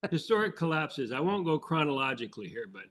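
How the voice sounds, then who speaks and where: A man's voice: on the high side, very animated, fast talker, fairly bright tone. An older man co-hosting a casual sports podcast, telling baseball anecdotes and laughing as he recounts them. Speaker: podcast co-host, former baseball insider.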